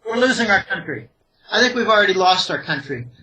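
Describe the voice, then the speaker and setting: A Pittsburgh-area economic analyst, interviewed as a guest, speaks fairly quickly in an animated, high and sharp voice. He issues emphatic warnings in a repetitive, opinionated way, and the audio is poor.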